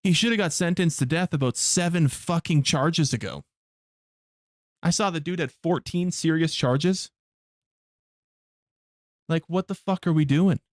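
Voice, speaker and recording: A man's voice: a little high, measured pace, pauses often, no echo, clean studio sound. A man streaming a game live, chatting casually with his viewers in blunt, heavily profane rants. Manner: blunt, profane ranting to chat.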